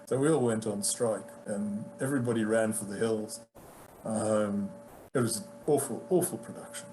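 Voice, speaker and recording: A British man, an actor, telling casual anecdotes about his career with animated delivery, acting out the lines of people he quotes. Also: fairly low pitch, normal speed, slight background noise, rough recording. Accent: British English. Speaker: guest actor. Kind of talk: casual storytelling.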